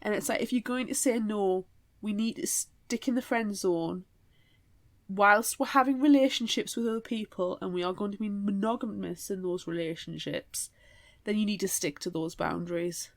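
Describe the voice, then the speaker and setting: A woman's voice: medium pitch, moderate pace, no echo. Woman co-host, dry close podcast sound. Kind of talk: casual book-club chat.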